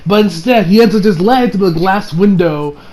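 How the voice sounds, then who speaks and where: A man's voice: sits high, fairly quick, darkish tone, low-quality recording. A man casually recapping an anime episode, rambling with many fillers and restarts. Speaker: anime reviewer.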